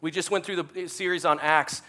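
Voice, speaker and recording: A man's voice: a little high, fairly even intonation, normal speed, pushed and bright. A man, preaching a sermon in a chatty, self-deprecating storytelling way. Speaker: pastor.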